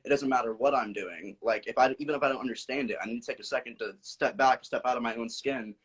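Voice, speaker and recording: A young man who is a guest on a casual live podcast, speaking earnestly and from the heart, swearing often and jumping up in pitch when he tells a story. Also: quick pace, fairly bright tone, breathy edge. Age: young adult. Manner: earnest and heartfelt, profane, with sudden jumps in pitch when telling stories.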